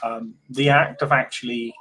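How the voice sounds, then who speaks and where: A man's voice: medium pitch, fairly even intonation, moderate pace, crowd noise, poor audio. A man chatting as a guest, searching for words with many small fillers. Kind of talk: casual conversation.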